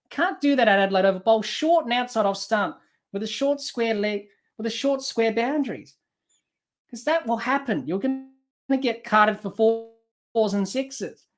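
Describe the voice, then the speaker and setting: A man's voice: very high-pitched, normal speed. A man hosting a live cricket watch-along podcast, calling the play and scolding the team in frustration. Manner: exasperated, scolding players and selectors directly. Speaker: podcast host doing live cricket commentary.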